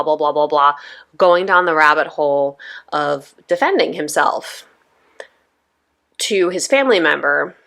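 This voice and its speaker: A woman's voice: sits low, fairly bright tone. A woman in her thirties hosting a podcast, talking casually and conversationally with lots of asides to her listeners. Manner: chatty, conversational, frequent "right?" and "you know". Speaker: podcast host.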